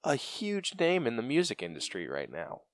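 A podcast co-host with a medium-pitched voice that swoops wildly rambles through casual chat at a moderate pace, full of fillers and laughs. The studio sound is clean, with no room sound.

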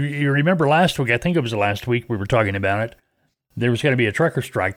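Male podcast host, folksy rambling delivery, mid-pitched, dry close sound. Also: no room sound. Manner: rambling, folksy, many fillers and restarts. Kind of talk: casual podcast talk.

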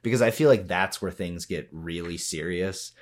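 A man's voice: deep voice, normal speed. A man co-hosting a podcast in casual chat, rambling and explaining at length, often laughing. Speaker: podcast co-host.

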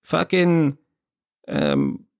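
A man's voice: fairly high pitch, wildly swooping pitch, extremely slow, gravelly, heavily acted. A man imitating an old grandmother who preaches about how things were in her day. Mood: reminiscing. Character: grumbling old Irish nan, nostalgic.

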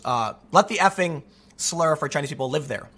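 A man's voice: fairly high pitch, expressive, moderate pace, a bit bright, slightly rough. A man delivering a solo commentary monologue, arguing his point with rhetorical questions and frequent restarts. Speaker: political commentary host.

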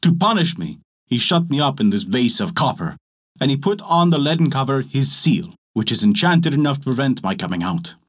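A man's voice: medium pitch, very animated, breathy edge. A man voicing a haughty, vengeful giant genie. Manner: haughty, commanding, deliberate.

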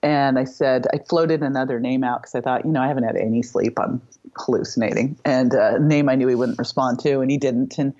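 A woman's voice: very deep voice, fairly quick, mellow, lo-fi sound. A middle-aged woman guest on an interview show, telling a personal story vividly and acting out the dialogue. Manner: vivid storyteller who acts out quoted dialogue. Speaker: podcast guest.

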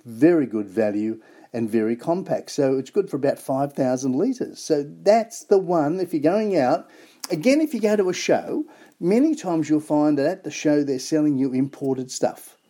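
Lively Australian host plugging local goods. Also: medium pitch, normal speed. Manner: enthusiastic, spells out web addresses letter by letter. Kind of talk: casual product talk.

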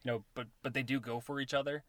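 A woman co-hosting a podcast, in relaxed casual chat with quick asides. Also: rumbling low, crowd noise.

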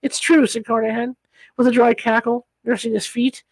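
A woman reading a classic story aloud as an audiobook, telling it in a measured way. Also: fairly high pitch, level tone, darkish tone, dry recording, poor audio. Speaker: audiobook reader.

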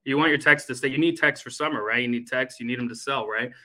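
A man's voice: mid-range voice, fast, bright, forceful tone, rough recording. A man who owns a heating and cooling company, chatting bluntly and energetically from his office, swearing freely. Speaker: HVAC company owner. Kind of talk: casual business podcast chat.

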